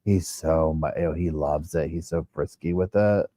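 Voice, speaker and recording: A man's voice: very deep voice, fairly even intonation, unhurried, warm tone, no echo. A man hosting a true crime livestream, chatting casually and rambling in a drowsy way.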